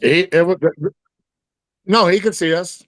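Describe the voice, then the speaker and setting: A man's voice: high-pitched, unhurried, a bit bright, dry recording. A man telling a story in casual conversation, rambling, with many fillers and restarts. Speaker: guest.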